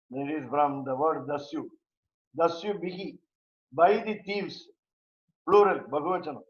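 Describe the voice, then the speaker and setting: A man teaching a verse-by-verse scripture class, speaking haltingly with many pauses and fillers. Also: a little high. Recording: roomy, dull lo-fi recording.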